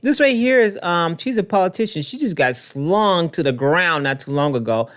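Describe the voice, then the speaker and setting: Scrolling through news clips on his loose commentary show, the host reacts in an animated, off-the-cuff way, addressing viewers directly. He talks at normal speed, his pitch ranges widely, and he keeps repeating phrases to drive points home.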